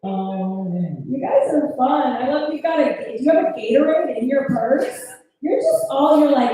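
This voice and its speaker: Brash, high-voiced woman comic in an echoey club. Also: expressive, dark tone, slight background noise. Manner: brash, profane crowd work with quick asides. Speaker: stand-up comedian. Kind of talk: stand-up comedy set. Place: comedy club stage. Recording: echoey club, mic heard from a distance.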